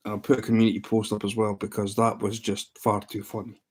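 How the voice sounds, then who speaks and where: A livestream host chats casually, telling a story in an amused, rambling way full of restarts. His voice is lowish, husky and monotone, and he talks fairly quickly.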